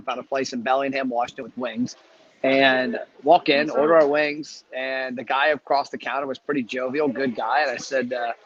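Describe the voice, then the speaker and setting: A man talks quickly and chattily, hosting a casual live chat. His stories roll out at a brisk clip. The sound is dull and lo-fi, like a live stream. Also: medium pitch. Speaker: host. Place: travelling, speaking from a hotel.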